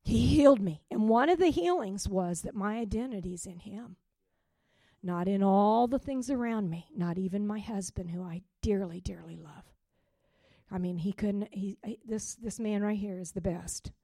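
A middle-aged woman pastor giving an emotional testimony sermon, dropping to soft whispers and rising to loud joyful outbursts. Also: mid-range voice, normal speed, no room sound, clean studio sound.

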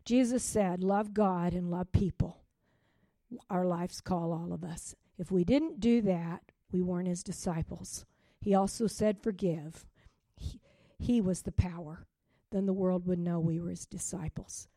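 A middle-aged woman pastor giving an emotional testimony sermon, dropping to soft whispers and rising to loud joyful outbursts. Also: lowish voice, steady tone, a little slow, no echo, clean studio sound.

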